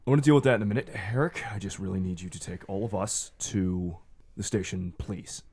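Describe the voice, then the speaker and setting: A man voicing a tired, curt male state trooper who speaks low and hushed. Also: brisk, slightly rough. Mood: weary.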